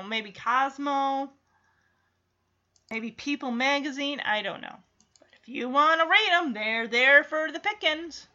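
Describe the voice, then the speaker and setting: A woman's voice: high-pitched, sharp tone. A woman giving casual, sarcastic running commentary while watching a film, laughing often. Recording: slightly dull lo-fi audio.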